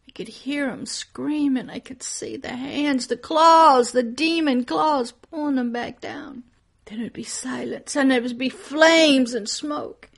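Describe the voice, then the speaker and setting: Woman pastor slowly telling her story, soft and emotional, a bit high. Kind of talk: spoken teaching with a personal testimony.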